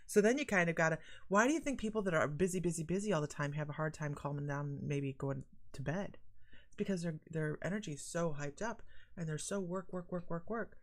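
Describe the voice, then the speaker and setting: A woman's voice: deep voice, fairly quick. A woman hosting a casual psychic livestream, chatting animatedly and reading out viewer comments. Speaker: psychic medium host.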